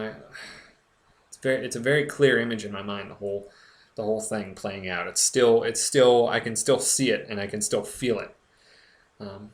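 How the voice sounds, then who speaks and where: A young man talking earnestly to camera in a personal vlog, stumbling and restarting often as he speaks with emotion. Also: mid-range voice. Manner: earnest, halting, with frequent restarts. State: recovering, emotional. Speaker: blogger. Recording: echoey room.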